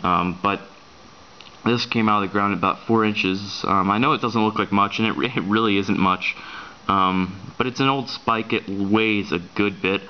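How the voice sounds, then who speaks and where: Man, lowish voice, casual vlog, hesitant with lots of ums, rushed, muffled lo-fi camera sound. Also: fairly even intonation, a little hiss or hum. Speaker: coin collector vlogger. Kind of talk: casual show-and-tell vlog.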